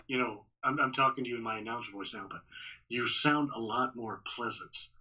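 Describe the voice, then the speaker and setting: A man's voice: medium pitch, rough recording. A man from Texas who works as a ring announcer, talking casually in a podcast interview, often restarting and repeating words. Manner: restarts, repeats words, talks fast and excited.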